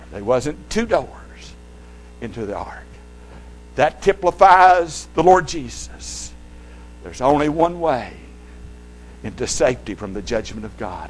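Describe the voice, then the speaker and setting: A male preacher delivering a sermon. He quotes scripture in old-fashioned wording and swings between loud, emphatic lines and hushed, low ones. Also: a little hiss or hum.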